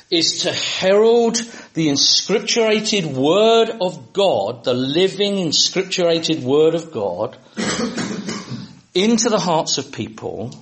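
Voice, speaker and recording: A British man preaching to fellow preachers in a lively, humorous way, sometimes shouting for comic effect. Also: fairly high pitch, roomy sound. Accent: British English. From Britain.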